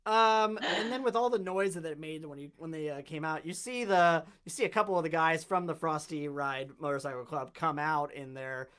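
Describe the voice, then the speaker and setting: A game master narrating a tabletop game in a casual, halting way, often stopping mid-sentence on fillers before moving on. The voice sits at a middle pitch and a steady, everyday level. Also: clear, resonant tone.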